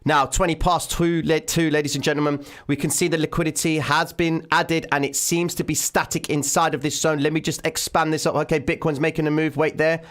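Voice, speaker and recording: Guy hosting a trading livestream from home, fast excited chart talk into a desk mic. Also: a little high. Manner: excitable, addresses viewers as ladies and gentlemen. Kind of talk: live market commentary. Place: home room, daughter present. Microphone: desk microphone.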